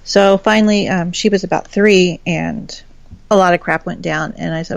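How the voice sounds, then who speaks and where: A woman's voice: lowish voice, flat delivery, normal speed, vocal fry. A woman guest telling a personal story in a frank, chatty way, swearing casually. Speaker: podcast guest.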